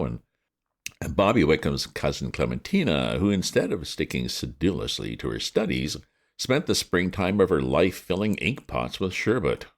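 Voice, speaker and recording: A man reading a comic novel aloud with lively, wry narration. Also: sits low. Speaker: reader of classic fiction. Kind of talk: audiobook narration.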